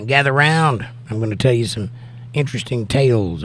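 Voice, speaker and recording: A man with a hoarse, nearly worn-out voice hosts a casual livestream, joking easily with viewers and reading their comments aloud. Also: mid-range voice, lively intonation, normal speed, fairly bright tone, a little hiss or hum. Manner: easygoing and jokey, talking straight to viewers. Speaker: livestream host.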